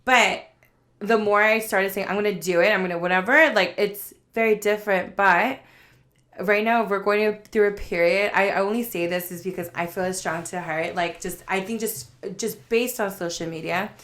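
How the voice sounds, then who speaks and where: Woman, podcast guest, animated, filler-heavy, acts out quotes, medium pitch. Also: normal speed. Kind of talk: casual chat.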